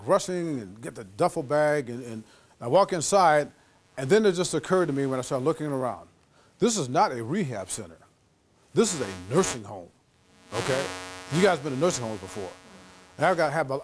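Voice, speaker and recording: A man giving a lecture as an animated storyteller, acting out the voices of the people in his anecdote. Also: mid-range voice, a little hiss or hum. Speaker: guest lecturer.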